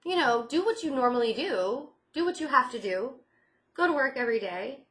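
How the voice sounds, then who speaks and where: A woman's voice: sits high, animated, normal speed, fairly bright tone. Reassuring woman reading tarot cards. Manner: reassuring, repeats phrases, many "I feel like" fillers. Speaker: tarot reader.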